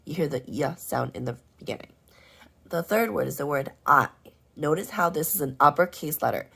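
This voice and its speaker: A woman teaching first graders, going over their homework and spelling out sight words slowly and clearly. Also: sits low, animated. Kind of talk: homework walkthrough lesson.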